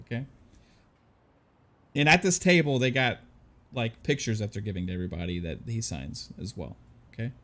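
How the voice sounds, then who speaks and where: A man's voice: medium pitch, expressive, moderate pace, pauses often, a bit bright. Laid-back man telling a story. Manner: laid-back, stammers and swears. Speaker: podcast panelist. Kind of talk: casual storytelling.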